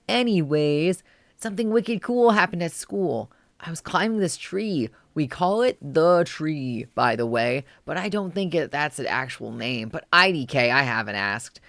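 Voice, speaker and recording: A streamer voicing a young boy reading an excited diary entry aloud, in a loud, gushing voice. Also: mid-range voice, normal speed, no room sound, voice pushed up.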